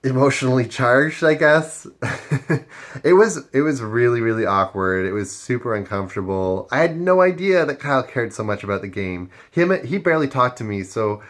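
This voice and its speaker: A man's voice: mid-range voice, animated, normal speed, a bit bright. A man talking casually in a confessional about his moves in a game, with frequent fillers. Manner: casual, filler-heavy talk. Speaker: game player.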